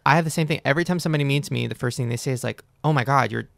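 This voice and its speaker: A young man hosts a comedy chat show, full of teasing asides and playful jokes. His voice has a gravelly creak, and the sound is dry and close to the mic. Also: mid-range voice, no echo. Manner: joking, teasing, quick asides. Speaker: podcast host.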